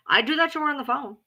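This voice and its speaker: Bright-voiced, blunt, profane woman. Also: high-pitched. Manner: blunt, profane and emphatic, often repeating herself; loud, self-described alpha female. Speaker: live streamer. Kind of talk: casual ranting chat.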